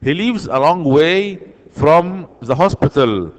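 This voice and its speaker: A man's voice: fairly high pitch, expressive, slow pace, in a large hall. A man teaching an online English lesson, patiently repeating key words and answers.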